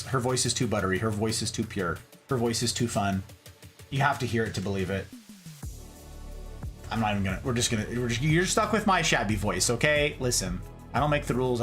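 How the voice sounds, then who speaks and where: A man chatting casually on a live stream, effusive and quick to laugh as he greets his viewers. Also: mid-range voice, a bit bright.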